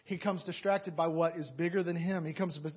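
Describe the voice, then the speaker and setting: Boisterous, high-voiced young male pastor. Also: quick pace, slightly rough. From Atlanta, USA. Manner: animated, dramatic storytelling with frequent restarts. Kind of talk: storytelling sermon. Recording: dull lo-fi recording.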